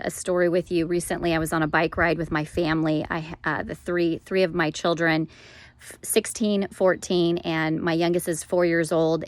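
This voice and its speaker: A middle-aged woman sharing an informal devotional word, gentle and conversational, with frequent fillers. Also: on the low side, dry recording. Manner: warm, gentle, conversational, with fillers and soft laughs. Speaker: speaker sharing a prophetic word.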